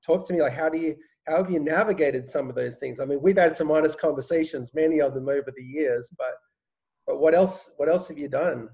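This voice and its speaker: A man, a pastor, interviewing a church member in a gentle, searching way with many conversational fillers. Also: fairly high pitch, fairly quick, highs cut off.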